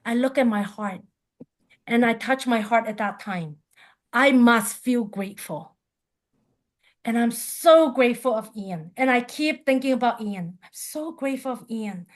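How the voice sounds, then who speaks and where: A woman who teaches qigong, telling a personal story in an animated way and sinking into a soft, calm tone when describing calming down. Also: fairly high pitch, measured pace.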